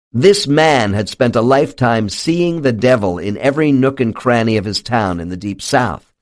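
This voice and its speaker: A man reading a book aloud in a measured, expressive way as the host of a channel. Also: mid-range voice, no room sound, clean studio sound. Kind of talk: slow dramatic book reading.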